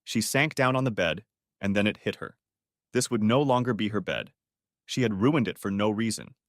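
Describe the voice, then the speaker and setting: A male narrator reading a dramatic story with lively, rising and falling pitch. The sound is dry and close, with no room. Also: dry recording.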